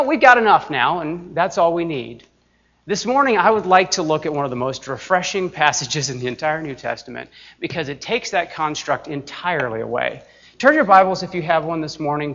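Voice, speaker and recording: A man preaching a sermon as pastor, earnest and emphatic, slowing down deliberately on key phrases. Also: on the high side, fairly bright tone, dull audio.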